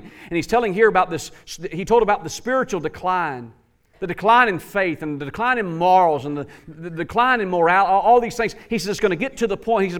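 A man's voice: high voice, expressive, fast talker, fairly bright tone. A man preaching a sermon, impassioned and speaking directly to his congregation.

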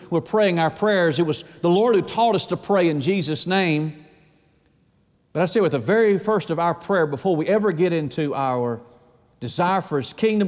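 A middle-aged man preaching a sermon in an animated way, acting out the voices of God and of people. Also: sits high, big-room sound.

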